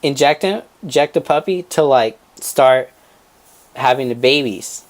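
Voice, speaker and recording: Young guy podcast co-host, animated storyteller, mid-pitch, swears, laughs and does voices. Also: measured pace. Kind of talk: casual storytelling chat.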